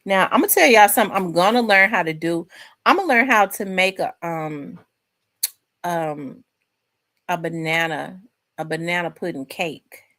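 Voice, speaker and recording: A woman chats casually, rambling from one thought to the next and talking straight to her viewers. Her voice sits fairly low. She sounds relaxed and at home. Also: unhurried. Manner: chatty, rambling, addresses viewers as y'all. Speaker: host. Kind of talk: casual chat with live viewers.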